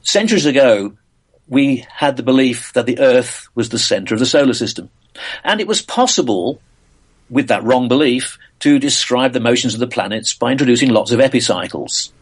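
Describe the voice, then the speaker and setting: Older english guy, physicist on an interview show, halting, lots of uhs and restarts. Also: medium pitch, expressive. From England. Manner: thoughtful, many uhs and restarts. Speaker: physicist and author guest. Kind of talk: interview answers.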